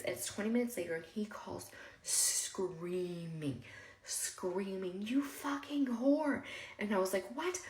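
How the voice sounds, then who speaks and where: A woman telling her own story with strong emotion, acting out what people said in raised voices. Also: medium pitch. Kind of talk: personal storytelling. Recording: echoey room.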